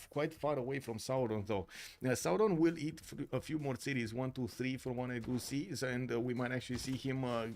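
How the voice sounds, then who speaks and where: A man from Romania with a Romanian accent, commentating a strategy game tournament live, excitable and full of filler sounds. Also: mid-range voice, slight background noise. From Romania, Bucharest. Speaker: tournament caster and streamer.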